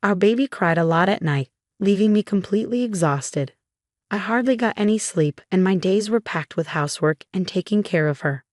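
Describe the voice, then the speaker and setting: A woman narrating a first-person story in an even, storytelling read. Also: mid-range voice, moderate pace, dry recording, studio quality.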